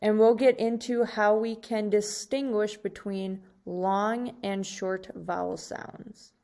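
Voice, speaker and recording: A woman teacher giving a recorded slide lesson to second graders, speaking slowly and deliberately and drawing out each example word. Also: mid-range voice, steady tone, creaky, dark tone.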